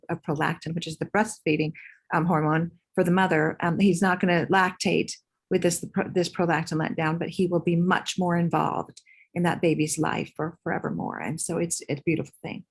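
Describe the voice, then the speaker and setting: A woman's voice: lowish voice, slightly rough. A woman birth professional steadily explaining a topic on a video call.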